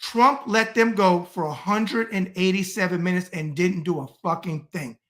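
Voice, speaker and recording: Man, middle-aged, from the US, podcast guest, high-pitched, bright voice, blunt, profane, emphatic. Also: moderate pace. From United States. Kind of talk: heated political talk.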